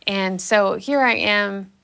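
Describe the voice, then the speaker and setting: A young woman tells a personal story with lively, animated energy and acts out what she said back then. Her voice is bright with a gravelly fry at the ends of phrases. The talk is loose and conversational. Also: mid-range voice, takes it slowly. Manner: animated, acts out her own past reactions. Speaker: guest telling her story. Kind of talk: casual storytelling.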